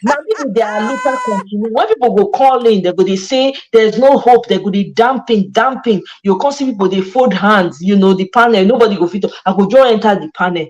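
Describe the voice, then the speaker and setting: A woman's voice: medium pitch, fairly quick, hardly any pauses, a little mellow, poor audio. A Nigerian woman hosting a casual chat, passionate and emphatic, mixing Pidgin and English. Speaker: host.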